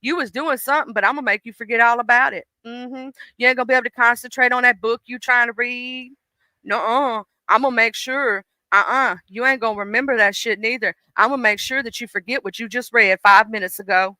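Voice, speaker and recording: A woman's voice: on the high side, steady tone, a little fast, pushed and bright, no echo. A woman voicing ADHD as a taunting female figure who gloats about making you forget things. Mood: gloating. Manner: gloating, teasing.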